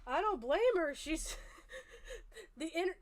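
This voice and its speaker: A woman's voice: very high-pitched, very animated, slow pace. A woman streaming and chatting casually, with a goofy, cartoonish voice, laughing often and swearing freely.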